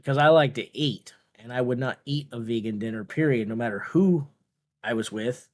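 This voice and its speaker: A man's voice: mid-range voice, moderate pace. A man hosting a casual watch-along of a strongman contest, talking in a playful, jokey way with rambling asides. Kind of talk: casual live commentary.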